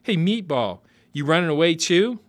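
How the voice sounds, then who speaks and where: Guy doing a bossy little runaway boy, loud and taunting, read from a storybook. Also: a little high, sing-song, moderate pace, voice pushed up. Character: rough brash young boy runaway.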